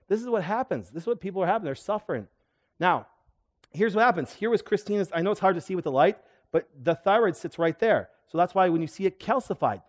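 Middle-aged male chiropractor leading a live seminar; keeps throwing questions at the room. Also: fairly high pitch. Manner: animated, asks the audience questions. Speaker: chiropractor giving a health talk. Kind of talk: live seminar lecture to an audience.

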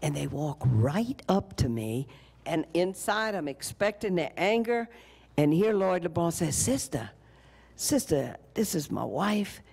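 An older woman giving a storytelling lecture at a college, animated, slipping into the voices of the people in her story. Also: lowish voice, measured pace, vocal fry, husky. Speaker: keynote speaker.

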